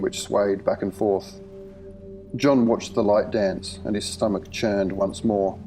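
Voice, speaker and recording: A man narrating a horror short story in a measured, vivid storytelling manner. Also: on the low side, warm tone, a little hiss or hum, poor audio.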